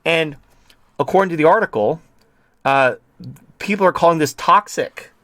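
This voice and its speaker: A man's voice: fairly high pitch, fairly quick, a bit bright, no echo. A man hosting an online commentary show, ranting in a profane, heated way.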